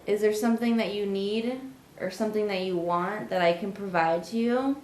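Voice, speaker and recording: A woman's voice: medium pitch, fairly even intonation, moderate pace, a little mellow, reverberant, poor audio. A woman investigating the paranormal who asks a spirit for a sign in a tentative, nervous way. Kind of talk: calling out to a spirit.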